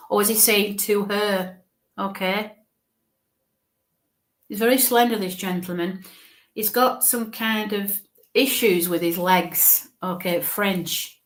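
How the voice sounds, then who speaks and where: A woman's voice: medium pitch, roomy sound. A woman giving a live mediumship reading as a psychic medium, thinking aloud with frequent halts and restarts.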